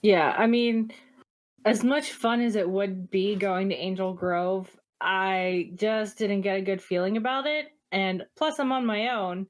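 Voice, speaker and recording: Slow-talking woman player. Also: medium pitch. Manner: slow, thinking aloud, laughs often. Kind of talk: casual tabletop play chat.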